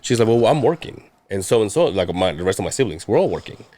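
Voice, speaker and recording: A man's voice: fairly low pitch, very animated, fast talker, mellow, dry recording. A man in his thirties telling a long personal story in casual chat, rambling and profane, acting out the people he quotes. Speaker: podcast guest telling a story.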